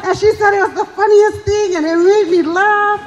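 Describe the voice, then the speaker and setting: A middle-aged woman does live stand-up at a community fundraiser show, telling chatty, self-mocking stories and acting out the voices of the people in them. Her very high voice has fairly even intonation and a moderate pace. The hall reverberates, and some chatter sounds behind her.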